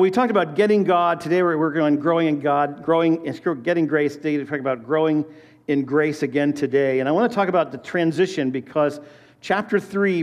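A man in his fifties delivers a sermon with a notably high voice. He keeps it conversational, telling family stories and asking his listeners questions as he goes. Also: a little mellow. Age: 50s. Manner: conversational preaching with personal stories and questions to the congregation. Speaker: pastor.

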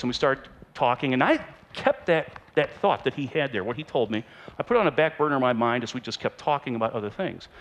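A man giving an animated storytelling talk to an audience, playful and teasing as he speaks. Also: fairly high pitch.

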